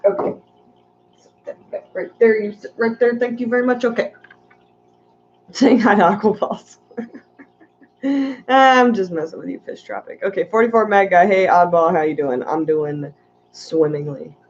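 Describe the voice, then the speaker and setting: Brief: woman streamer, mid-pitched, chatty and meandering, slightly muffled audio. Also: unhurried, long pauses, slight background noise. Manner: chatty, rambling, reading chat aloud. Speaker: aquarium channel host. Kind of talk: casual livestream chat.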